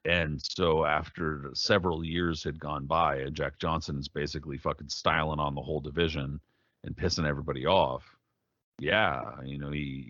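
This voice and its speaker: A man co-hosting a podcast, telling a story in casual chat, profane and animated, slipping into quoted voices. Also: extremely low pitch, no echo, muffled recording. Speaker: podcast co-host.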